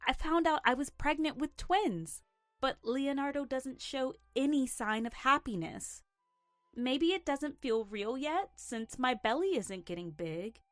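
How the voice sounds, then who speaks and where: A woman with a fairly high voice tells a first-person drama story at an unhurried pace. Her delivery is earnest and emotional, recorded close and dry with faint music underneath. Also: a bit bright, no room sound.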